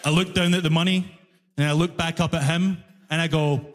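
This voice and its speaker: A man's voice: a little high, brisk, noisy background. Glaswegian man doing stand-up in a big hall. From Scotland. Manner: animated storytelling, acting out both sides. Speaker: stand-up comedian. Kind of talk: stand-up comedy set. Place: large concert hall stage. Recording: live hall reverb.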